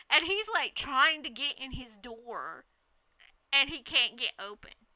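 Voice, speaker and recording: Bright, animated woman. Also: high-pitched, measured pace, no echo. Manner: animated, laughing, swears freely. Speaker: storyteller. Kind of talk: casual storytelling.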